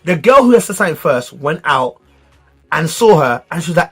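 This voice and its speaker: A man telling a school story in a casual, animated way, heavy on slang. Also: on the high side, brisk, background noise.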